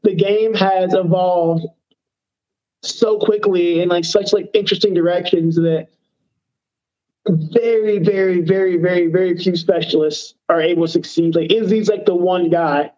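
A man's voice: sits high, fairly even intonation, measured pace, dark tone, highs cut off. A man, a professional fighter, talking casually in an interview, rambling with many fillers and poking fun at himself. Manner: rambling, self-deprecating, lots of fillers.

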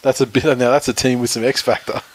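A man's voice: medium pitch, fairly even intonation, fast, low-quality recording. A man with an Australian accent co-hosting a casual sports chat, rambling and swearing freely with blunt opinions. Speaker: podcast co-host.

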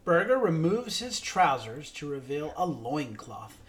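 A man's voice: fairly high pitch, measured pace. Man co-host reading a synopsis. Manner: steady scripted reading. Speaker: podcast co-host.

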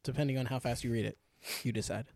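Man, podcast guest, casual banter, laughs a lot, warm mellow tone, dry close mic. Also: mid-range voice, steady tone, fast talker, no echo. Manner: joking, laughs often. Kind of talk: casual chat.

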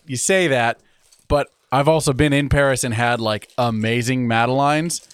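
A man's voice: medium pitch, normal speed, clear, resonant tone, no room sound. A man in his thirties co-hosting a podcast in casual chat, rambling with frequent laughs and trailing off mid-sentence. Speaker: podcast co-host.

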